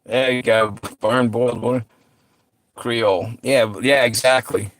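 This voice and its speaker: A man's voice: medium pitch, steady tone, a little slow, fairly bright tone, dry recording. A middle-aged man hosting a livestream, chatting casually with viewers and telling stories, laid-back, laughing often and swearing freely. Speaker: livestream host.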